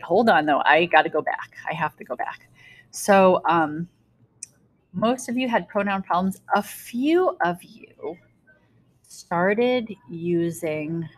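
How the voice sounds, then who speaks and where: A middle-aged woman with a slightly low voice records a language lesson for her students. She talks loosely and informally, doubles back to fix her own slips, and uses homey examples to make a grammar point. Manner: chatty, self-correcting, explains with homey examples. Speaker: German teacher. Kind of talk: recorded classroom screencast lesson.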